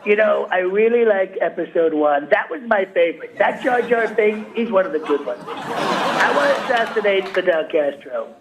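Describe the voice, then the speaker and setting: Boastful clueless billionaire president, blustering, rambling, high male voice, noisy recording. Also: animated, moderate pace, crowd noise. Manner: blustering, self-satisfied, rambling. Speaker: sketch actor. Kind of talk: comedy sketch phone call.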